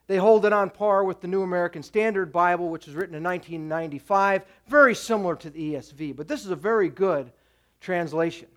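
A man with a notably high voice preaches a sermon to his congregation. He talks directly and urgently, stacking up commands and repeating himself to drive each point home. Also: fast, a bit bright. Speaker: pastor.

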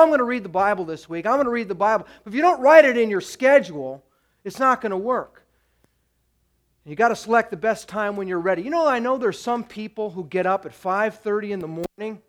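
High-voiced pastor exhorting his congregation. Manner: direct, exhorting, repeats urgent commands. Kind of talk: sermon.

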